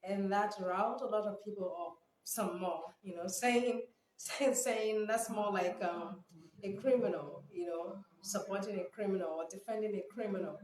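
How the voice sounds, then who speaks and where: A woman from Nigeria giving casual vlog commentary, animated and incredulous, laughing often. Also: medium pitch, normal speed, slight background noise. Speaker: news commentator. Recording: echoey room with background music.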